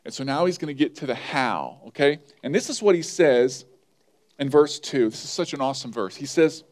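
A man's voice: medium pitch, animated, fairly quick, a little mellow. A man preaching a sermon, acting out his own pleading prayers as he tells stories. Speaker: pastor.

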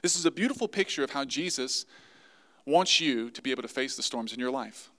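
A man preaching a sermon to his congregation, lively and acting out the voices he quotes. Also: medium pitch, fairly quick. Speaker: pastor.

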